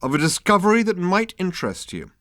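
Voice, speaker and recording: An exasperated, worldly traveller, as a male narrator puts him on, speaking with emphatic, sardonic weariness. His voice rises high and moves a lot. The reading is dry and close. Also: big pitch swings, brisk, fairly bright tone, no room sound. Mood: patient sardonic. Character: exasperated worldly man among fools.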